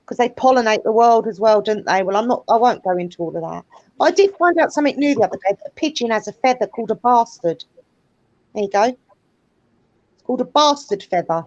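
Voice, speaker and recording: A woman's voice: on the high side, animated, a little fast, a little mellow, no room sound, lo-fi sound. A woman hosting a casual chat, talking at length in a rambling, chatty way. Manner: chatty, rambling, fond of birds. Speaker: host.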